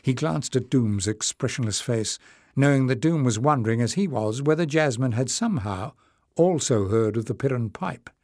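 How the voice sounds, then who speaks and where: A man reading a fantasy audiobook as narrator, in a measured storytelling delivery. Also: medium pitch, lively intonation, a little mellow, dry recording, studio quality.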